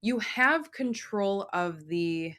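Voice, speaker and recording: A woman's voice: mid-range voice, expressive, slow pace, a bit bright. A woman host of a spiritual channeling session, speaking in an earnest, flowing, reflective way on a video call. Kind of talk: casual group video chat.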